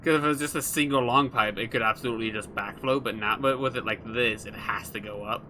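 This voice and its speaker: A man hosting a casual gameplay video, excitable and swearing freely. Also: medium pitch, fast talker, slight background noise. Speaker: gaming host.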